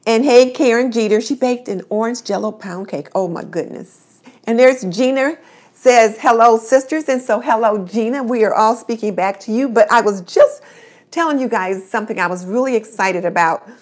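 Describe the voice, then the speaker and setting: A woman's voice: on the high side, moderate pace. A middle-aged woman hosting a casual live stream, chatting and greeting viewers by name.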